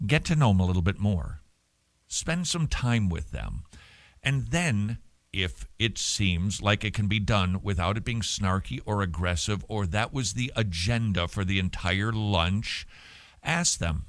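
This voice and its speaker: A man's voice: fairly low pitch, unhurried, no echo. A man hosting a Christian radio talk show, answering listener mail in a chatty, joking way, speaking into a studio microphone. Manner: chatty, joking, animated, puts on silly voices. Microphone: studio microphone with cover.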